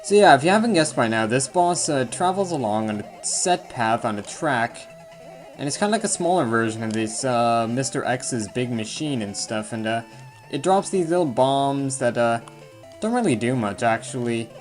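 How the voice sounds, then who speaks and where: A let's play commentator with a mid-range, animated voice speaks at normal speed over faint game music. He rambles casually about the video game he's playing, cracking self-deprecating jokes and making frequent asides.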